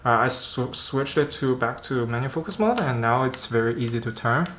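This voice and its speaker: A man doing a casual unboxing vlog about camera gear, chatting in a halting way and thinking aloud as he handles the lens. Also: mid-range voice, fairly bright tone, slight background noise. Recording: roomy echo.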